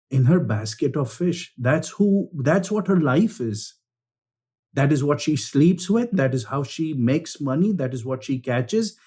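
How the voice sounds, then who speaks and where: Husky, high-voiced man telling a parable. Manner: animated, repeats words, addresses listeners as friends. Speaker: spiritual speaker. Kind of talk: storytelling talk.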